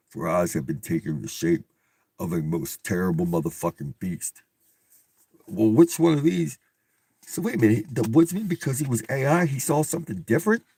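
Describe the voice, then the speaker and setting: Husky man cursing through a storybook. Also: low-pitched, darkish tone, no echo. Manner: profane, incredulous outbursts. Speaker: reader and commentator. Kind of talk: comedic read-aloud with commentary.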